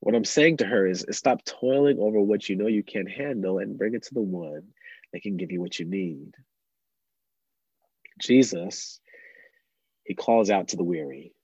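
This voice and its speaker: Young male pastor, earnest sermon delivery, husky voice, dull dry recording. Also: low voice, moderate pace, no room sound. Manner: earnest, drops to soft tones for emphasis.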